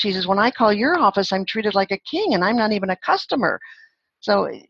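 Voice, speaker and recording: A woman's voice: mid-range voice, lively intonation, quick pace, a bit bright, husky, no room sound, dull audio. An older woman guest on an interview, telling stories in a chatty way and laughing as she acts out other people's lines. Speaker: guest, phone-skills trainer. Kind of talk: podcast interview storytelling.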